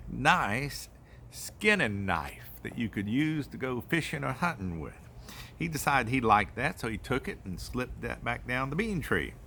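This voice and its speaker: A man's voice: mid-range voice, pushed and bright, a little hiss or hum. An older man telling a folk tale to his grandson in a folksy, rambling way, with fillers. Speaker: grandfather storyteller. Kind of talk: folk tale told aloud.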